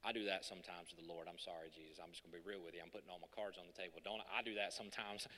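説教する男性、明るく響く声. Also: male voice, lowish voice, expressive, fast, bright, forceful tone. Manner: conversational and joking, building to emphatic peaks. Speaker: pastor. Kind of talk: sermon. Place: church hall. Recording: long reverb of a large hall.

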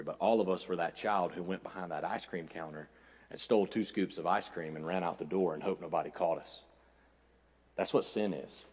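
A man preaching to his church, shifting between loud, urgent exhortation and low, conversational storytelling. His voice carries a long reverb tail from a large sanctuary hall. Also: breathy edge. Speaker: pastor. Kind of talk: sermon.

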